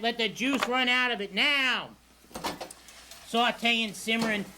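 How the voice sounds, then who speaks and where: A man's voice: sits high, noisy background. A man hosting a cable TV cooking show in a studio kitchen, talking in a folksy, hammy, exuberant showman way.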